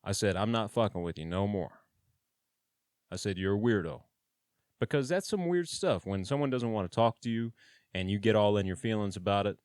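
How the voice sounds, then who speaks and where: Deep-voiced guy telling a story straight up, blunt, swears a lot, dry mic. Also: darkish tone, no room sound. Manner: blunt, plain-spoken, with swearing and slang. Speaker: channel host telling his own story. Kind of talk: casual storytelling.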